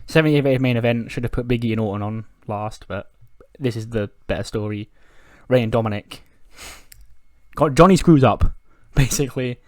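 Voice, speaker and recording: A man's voice: medium pitch, moderate pace, darkish tone, dry recording. A man giving casual commentary on a wrestling management game, ad-libbing the wrestlers' promos in his own voice and chuckling often. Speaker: let's-play commentator.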